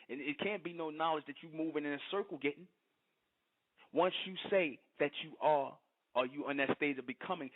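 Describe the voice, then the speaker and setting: Man, call-in host, blunt and emphatic, mid-pitched, tinny phone-like audio. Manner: blunt, emphatic, repeats phrases. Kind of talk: call-in broadcast monologue.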